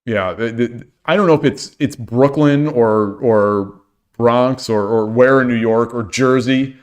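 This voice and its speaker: A middle-aged man chats casually with his livestream viewers. He rambles, stumbles into restarts and repeats his phrases as he goes. His voice sits at an ordinary, middle pitch for a man. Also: unhurried. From American Midwest. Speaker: livestream host.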